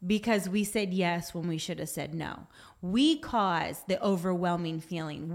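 A woman giving an earnest devotional talk, exhorting her listeners and reading from her notes. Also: lowish voice. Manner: puts on a whiny voice for effect. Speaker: Christian speaker.

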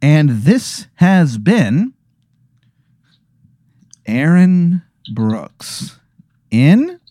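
A grand male ruler of dreams, as a man puts him on, stretches every word like a showman's sign-off. The voice sits a little higher than everyday speech and swings widely. It sounds close and dry. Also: very animated, dark tone, no room sound, heavily acted. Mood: grandiose. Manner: slow, drawn-out announcer delivery.

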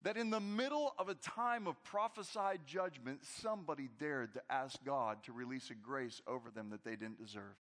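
A pastor preaching a conversational, animated sermon to his congregation in a large church. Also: mid-range voice, moderate pace, few pauses. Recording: long hall reverb.

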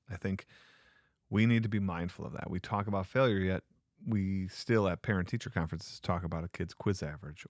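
A man's voice: low-pitched, no room sound. A man who teaches sixth grade, reflecting on his class in an earnest, rambling solo podcast talk on a close mic. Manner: earnest, rambling with restarts and asides.

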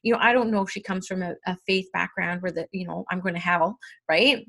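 A woman's voice: on the low side, fairly quick, gravelly. A woman co-hosting a podcast, telling stories about her spirit work with energy and acting out her own quotes. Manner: animated storyteller who acts out her own quotes. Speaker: podcast co-host and medium. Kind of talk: casual chat.

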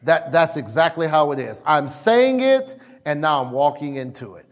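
A male pastor delivers a sermon with a fairly high voice. He is emphatic, repeats his key lines and calls for responses from the congregation. He swings between loud exhortations and low asides. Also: brisk.

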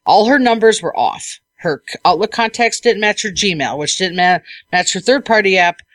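A woman hosting a podcast as an IT technician, telling a work story in a lively, casual way and acting out what people said. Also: medium pitch, moderate pace, no room sound.

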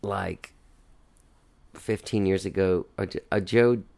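A man's voice: low-pitched, steady tone, slow pace, creaky, a little mellow. A man hosting a radio show, chatting casually with guests, rambling and laughing easily. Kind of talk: casual interview chat.

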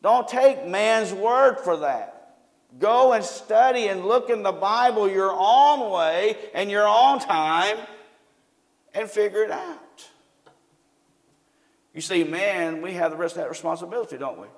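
A man's voice: high-pitched, a little slow. Folksy preacher man in an echoing hall. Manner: folksy, asks the congregation questions. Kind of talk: sermon. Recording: long hall reverb.

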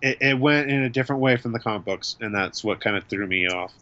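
A man's voice: medium pitch, quick pace, sharp tone, muffled recording. A man co-hosting a casual chat show, talking enthusiastically and gushing about what he likes. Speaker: podcast co-host.

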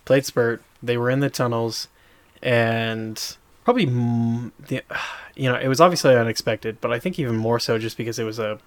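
Man, podcast co-host, casual chat, rambling, lots of fillers, mid pitch. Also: moderate pace. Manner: rambling, animated retelling with many fillers.

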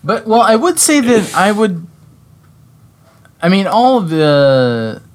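A man's voice: high voice, very animated, slow. A man co-hosting a casual chat, hesitant and searching for words, with many "like" and "um". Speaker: podcast co-host discussing a game.

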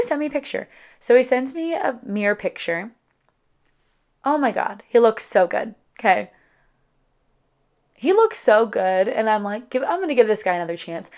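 A young woman vlogger casually telling a dating story to her viewers, chatty and dramatic, with lots of "like" and quoted voices. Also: mid-range voice.

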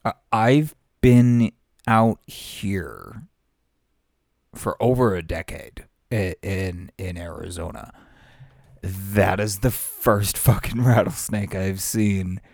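A man's voice: deep voice, slow pace, gravelly, a little mellow, dry recording, clean studio sound. A man hosting a casual solo podcast, rambling, laughing often and swearing casually. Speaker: podcast host, aspiring voice actor.

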